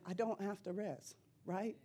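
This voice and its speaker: A middle-aged woman giving an impassioned preaching testimony in church, repeating phrases and rising to loud cries. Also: medium pitch, steady tone, a little slow.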